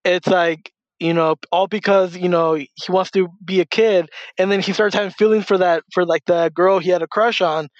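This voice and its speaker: A man's voice: sits high, steady tone, moderate pace, few pauses, no echo. Rambling man on a dull, lo-fi mic. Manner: rambling, many restarts and fillers. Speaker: podcast co-host. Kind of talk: casual chat.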